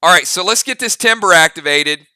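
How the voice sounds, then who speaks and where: A man running a live role-playing game, calling each move and damage total in an upbeat play-by-play. His voice is very bright and crisp, and the recording is dry and close. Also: high-pitched, animated, no room sound. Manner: upbeat, drawn-out play-by-play calls. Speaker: game master. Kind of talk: live game narration and commentary.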